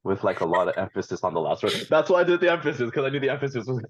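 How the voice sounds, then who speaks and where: A man's voice: medium pitch, sing-song, racing, no echo, lo-fi sound. A man co-hosting a casual podcast, chatting and reading posts aloud with playful emphasis, laughing often. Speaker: podcast co-host.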